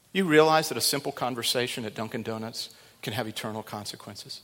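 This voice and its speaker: A middle-aged male pastor preaching a sermon, moving between quiet, low asides and loud, fervent exhortation. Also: brisk, hardly any pauses. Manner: dynamic preaching, swinging from hushed to loud and fervent. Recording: long reverb of a large hall.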